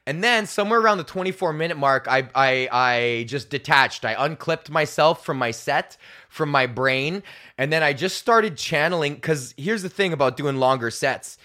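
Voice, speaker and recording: Speaking at a normal speed, this young man's voice is on the high side, bright and forceful, with lively intonation. He hosts his own comedy podcast, ranting solo as he rambles and curses, cracking himself up and mimicking the people he quotes in mocking tones.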